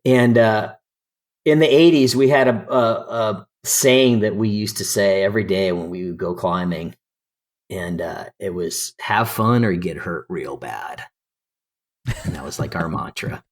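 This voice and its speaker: A man in his fifties, from California, telling lively stories as a podcast guest and acting out quoted dialogue. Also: lowish voice, normal speed. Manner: animated storyteller, acts out quoted dialogue. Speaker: guest climber. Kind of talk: storytelling interview.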